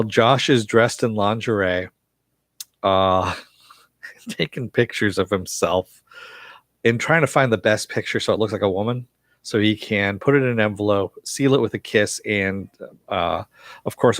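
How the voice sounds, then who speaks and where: A man's voice: lowish voice, dry recording, clean studio sound. A man recapping a TV episode on a live stream, rambling with lots of fillers and chuckles. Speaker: TV show reviewer.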